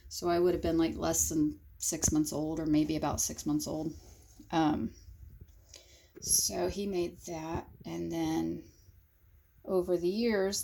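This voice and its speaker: A woman in her forties talks casually to her phone camera, her low voice carrying a gravelly fry. She rambles fondly through memories with plenty of ums and gets choked up, filming outside on a windy day. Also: a little mellow. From southern Indiana. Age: 40s. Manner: rambling, fond reminiscing with frequent fillers. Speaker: craft vlogger. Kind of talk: casual vlog tour. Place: outdoor craft shed, windy.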